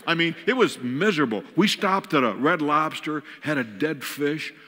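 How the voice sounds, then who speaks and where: Older male guest preacher, somewhat high and forceful, animated self-deprecating storyteller; big reverberant hall. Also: moderate pace. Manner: animated, self-mocking storyteller acting out scenes. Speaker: guest speaker. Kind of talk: humorous storytelling sermon. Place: large church auditorium.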